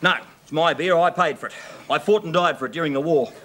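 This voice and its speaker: An actor with an Australian accent playing a cantankerous, blustering middle-aged suburban husband. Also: male voice, fairly high pitch, fast talker, lightly acted. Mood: grumpy. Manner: grumpy, blustering. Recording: loud background noise.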